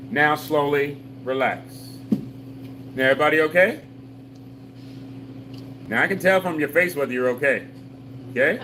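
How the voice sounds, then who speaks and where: Leading a live exercise class for seniors, an instructor with a sharp, somewhat high voice gives patient, repetitive step-by-step cues in call-and-response style, mixed with folksy jokes. The poor audio has a little hiss or hum.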